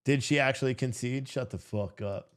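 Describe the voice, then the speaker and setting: A man's voice: mid-range voice, moderate pace. A tired man hosting a live stream, rambling through casual commentary and swearing freely. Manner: rambling and profane.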